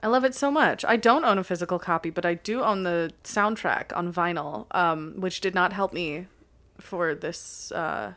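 Young woman podcasting, smooth clear voice, laughs a lot, swears here and there. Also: fairly low pitch, normal speed, fairly bright tone. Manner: chatty, laughing, swears casually. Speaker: podcast co-host. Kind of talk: casual chat.

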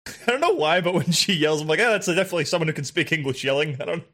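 A man's voice: on the high side, lively intonation, very fast, a bit bright, slight background noise. A man joking around in a casual chat, laughing often. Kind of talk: casual chat about video games.

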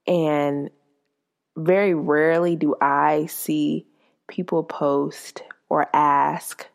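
A woman's voice: sits low, level tone, extremely slow, vocal fry. A woman hosting her own podcast, speaking in an earnest, heartfelt monologue. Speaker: podcast host.

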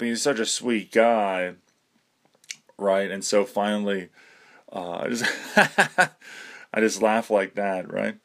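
A man's voice: fairly low pitch, fairly bright tone. Rambling self-mocking man, nervous laughs. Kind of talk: rambling monologue.

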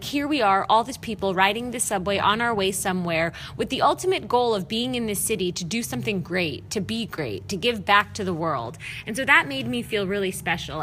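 Bright-voiced woman telling candid stories. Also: mid-range voice, slight background noise. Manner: frank, self-deprecating, swears casually; expressive storytelling with acted-out quotes. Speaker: podcast host. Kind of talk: candid personal monologue.

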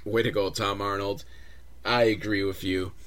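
A man's voice: lowish voice, level tone, normal speed, fairly bright tone. A man hosting a comedic movie recap, sarcastic, profane and rambling. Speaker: host, film reviewer.

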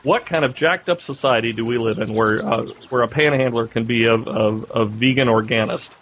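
Male podcast co-host, mid-pitch, animated casual storyteller, faint background noise. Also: moderate pace. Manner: animated storyteller, rising pitch when excited.

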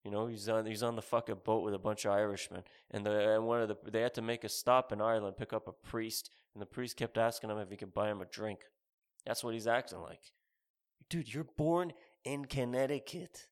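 A man's voice: on the low side, little pitch movement, quick pace, clean tone. A man in his thirties delivering a rambling, sarcastic, profane comedic rant as a podcast host.

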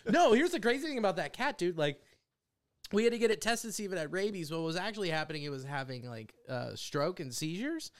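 A man's voice: high voice, sing-song, quick pace. A man, a stand-up comedian guest, telling a story in casual, profane podcast chat and acting out other people's lines.

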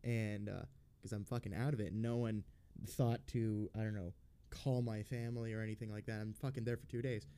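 A man hosting a podcast, telling a personal story in a casual, blunt and rambling way, swearing constantly and filling pauses with ums and uhs. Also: fairly low pitch, level tone, warm tone, smooth. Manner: profane, blunt and rambling, with frequent fillers. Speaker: podcast host.

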